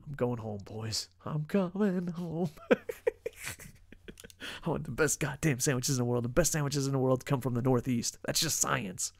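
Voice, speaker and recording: A man's voice: mid-range voice, fairly even intonation, brisk, creaky, hardly any pauses, dry recording. A man from New Jersey co-hosting a casual wrestling review, swearing a lot, laughing often and talking emphatically. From United States, New Jersey. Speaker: podcast co-host. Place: lives in Japan.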